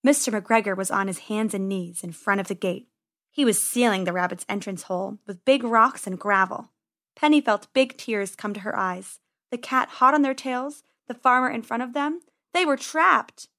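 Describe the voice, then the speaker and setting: A woman reading a children's story aloud in a gentle, expressive way. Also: on the high side, normal speed.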